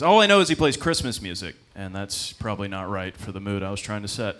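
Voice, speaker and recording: Rambling young stand-up comic. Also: male voice, lowish voice, big pitch swings, quick pace, fairly bright tone. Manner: rambling, self-deprecating, with frequent fillers and laughs. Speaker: stand-up comedian. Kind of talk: stand-up comedy set. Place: comedy club stage.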